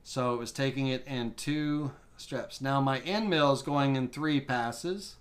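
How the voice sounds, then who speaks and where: Slow, thinking-aloud man teaching CNC. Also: medium pitch. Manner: thinking aloud, fillers and restarts while working the software. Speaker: woodworking CNC instructor. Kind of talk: live software tutorial.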